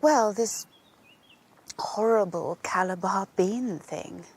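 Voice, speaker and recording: A flighty, chattering wife. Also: female voice, mid-range voice, takes it slowly, slightly rough. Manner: airy, breathless, scatterbrained chatter.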